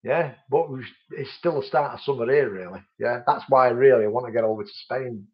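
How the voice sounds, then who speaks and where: Male stream host, chatty and friendly, mid pitch, muffled low-fi sound. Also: brisk. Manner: chatty, friendly, calls viewers mate. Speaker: vaping channel host. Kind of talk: live-stream chat reading viewer comments.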